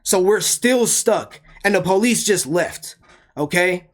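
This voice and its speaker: A young man with a high-pitched voice rants his way through a storytime vlog in a casual style. Heated and emphatic, he keeps throwing out rhetorical questions, speaking slowly and expressively.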